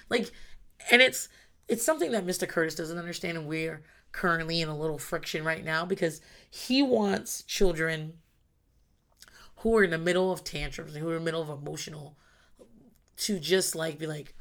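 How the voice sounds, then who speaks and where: A woman's voice: low voice, normal speed, a bit bright. A mother in her thirties talking candidly about parenting, blunt and emphatic, swearing freely. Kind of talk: casual monologue.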